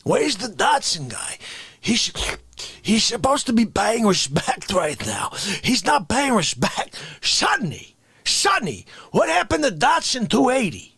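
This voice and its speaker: Raspy Bronx tough guy, gravelly husky whisper, high wild swings, menacing interrogation, sudden shouts. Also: huge pitch swings, measured pace, no echo, full character voice. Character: raspy older male Bronx tough guy demanding respect.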